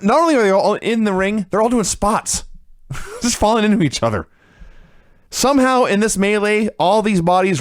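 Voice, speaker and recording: A man co-hosting a casual podcast, recapping wrestling with sarcastic, animated commentary. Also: sits high, no room sound, clean studio sound. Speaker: podcast co-host reviewing wrestling.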